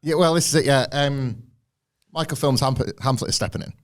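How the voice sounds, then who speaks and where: A man co-hosting a podcast, rambling through animated stories in casual chat. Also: medium pitch, brisk. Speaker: podcast co-host.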